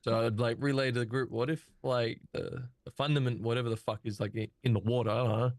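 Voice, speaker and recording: Sweary joking player on a headset. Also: male voice, medium pitch, fairly even intonation, fast talker, no echo, studio quality. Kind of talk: casual banter in a tabletop game.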